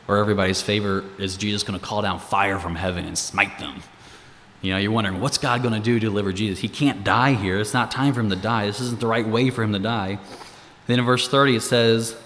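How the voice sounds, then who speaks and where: A man's voice: on the low side, fairly even intonation, fairly quick, fairly bright tone, long reverb tail. A man giving a casual, conversational Bible teaching, explaining verses, asking rhetorical questions and chuckling between points.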